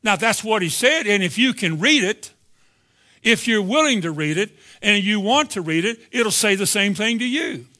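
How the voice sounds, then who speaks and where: A man's voice: high voice, animated, normal speed, bright, forceful tone. A man preaching a sermon at a church service, emphatic and sometimes sarcastic, firing rhetorical questions at his listeners. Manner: sarcastic asides.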